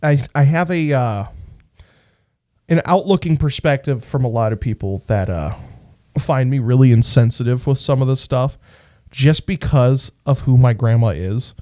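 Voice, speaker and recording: A man co-hosting a podcast, telling stories in an animated way and swearing freely. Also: medium pitch, normal speed, no echo, studio quality. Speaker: podcast co-host. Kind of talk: casual podcast chat.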